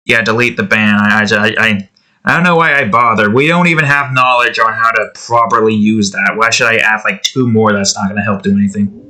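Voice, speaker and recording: Tweaking sounds for a game he's building, this vlogger talks to himself in a casual, rambling way, interrupting himself and laughing quietly. He speaks briskly in a lowish voice that sounds bright and forceful.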